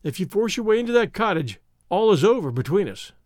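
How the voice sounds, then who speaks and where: A man's voice: high-pitched, sing-song, brisk, a little mellow, no echo, clean studio sound. A man voicing a frightened young wife, breathless and imploring, in an audiobook reading. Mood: pleading. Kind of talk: audiobook character voice.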